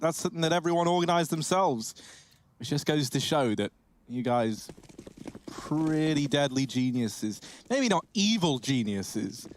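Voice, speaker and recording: A man casting live esports, animated in the play-by-play and joking with his co-caster. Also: mid-range voice. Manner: animated, jokey banter. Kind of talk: live play-by-play commentary and banter.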